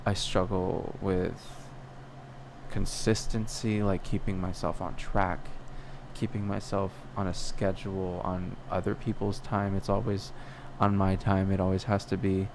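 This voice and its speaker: A man's voice: deep voice, flat delivery, unhurried, background noise. A young man talking alone on a podcast in a rambling, self-questioning way, full of restarts and fillers. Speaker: podcast host. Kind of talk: personal reflective monologue.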